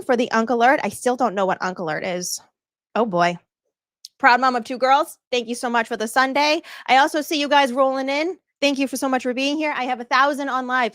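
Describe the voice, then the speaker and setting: A woman's voice: high-pitched, dry recording, clean studio sound. A woman with a Boston accent hosting a casual livestream, bubbly and effusive as she thanks viewers and laughs often. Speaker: livestream host. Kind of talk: casual live-stream chat thanking viewers.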